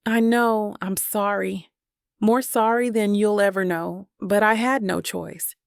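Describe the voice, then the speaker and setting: A woman's voice: mid-range voice, steady tone, slow pace, vocal fry, no room sound, clean studio sound. A woman reading the lines of a remorseful adult sister, shaky and pleading as she apologizes.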